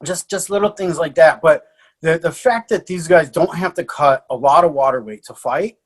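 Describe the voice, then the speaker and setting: A man talking as a podcast guest, a martial arts coach telling lively anecdotes in casual conversation. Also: fairly high pitch, normal speed. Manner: animated storyteller.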